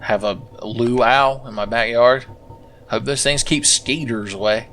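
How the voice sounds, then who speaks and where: A man's voice: mid-range voice, fairly even intonation, measured pace, fairly bright tone, a little hiss or hum. A man commentating his own gameplay with sarcastic, profane, rambling asides. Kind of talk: let's play commentary.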